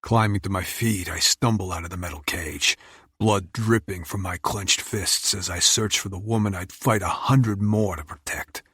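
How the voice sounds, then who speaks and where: A man narrating a first-person romance audiobook in an intense, measured, brooding way. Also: low-pitched, steady tone, a bit bright, husky, dry recording, clean studio sound.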